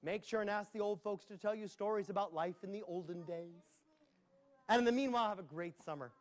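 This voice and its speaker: At a public library, a storyteller entertains children with a playful tale told live, full of sound effects and asides. His voice is high-pitched and his pace a little quick.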